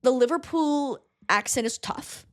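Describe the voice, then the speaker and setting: A young woman co-hosting a casual comedy podcast, chatty and quick with asides, often laughing. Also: high voice, expressive. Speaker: podcast co-host.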